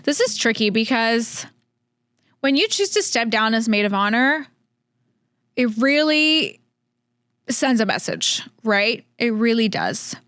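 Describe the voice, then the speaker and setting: A woman's voice: on the high side, animated, slow pace, pauses often, a bit bright, dry recording, studio quality. A woman hosting a casual podcast on her own, thinking aloud with hesitant restarts and a chatty manner. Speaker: podcast host. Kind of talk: casual solo podcast chat.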